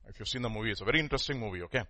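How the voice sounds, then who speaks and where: A man preaching a sermon, swinging from hushed murmurs to loud stressed lines and slowing down to stress key words. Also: lowish voice.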